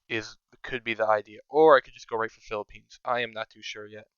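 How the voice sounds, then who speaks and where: A man's voice: fairly low pitch, flat delivery, brisk, bright, forceful tone, clear, resonant tone, no echo, dull audio. A man giving casual, think-aloud commentary over his own strategy game, sometimes counting under his breath. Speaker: strategy game video creator.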